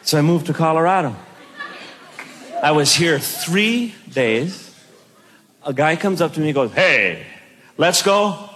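A man performing a stand-up comedy routine, telling stories in an animated way with bursts of shouting. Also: a little high, unhurried, pauses often, some chatter behind. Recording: noisy recording.

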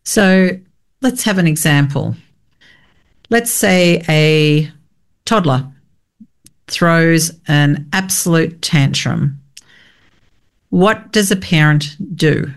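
A woman hosting an interview, asking relaxed, unhurried questions. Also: sits low. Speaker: host.

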